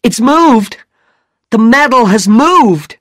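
Bold teen girl, high and emphatic, read by a man, lively delivery. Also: unhurried, no echo, studio quality, heavily acted. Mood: alarmed shouting. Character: teenage girl, bold and quick-tempered.

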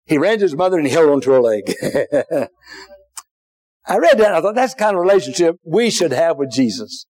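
A man preaching a sermon in a church, dropping to a hush and then rising to shouts, with folksy asides to the congregation. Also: a little high, very animated, a little fast. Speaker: pastor. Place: church sanctuary.

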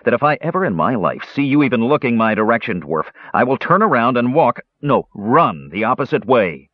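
A man's voice: mid-range voice, big pitch swings, a little fast, no echo. A man voicing a strong, devout young warrior who speaks solemnly, in an audiobook reading. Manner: solemn, vowing. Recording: dull lo-fi recording.

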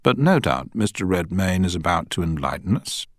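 A man voicing a measured older male judge who speaks with dry, formal authority. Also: deep voice, big pitch swings, dry recording. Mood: judicial.

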